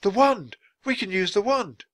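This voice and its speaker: A man reading a storybook aloud, voicing an eager brave young girl with high, urgent exclamations. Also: expressive, measured pace, no echo, studio quality. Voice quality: high and bright.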